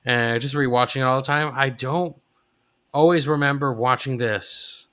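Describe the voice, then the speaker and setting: A man co-hosting a podcast, chatting in a relaxed, reminiscing way. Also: medium pitch, moderate pace, clear, resonant tone. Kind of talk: casual chat.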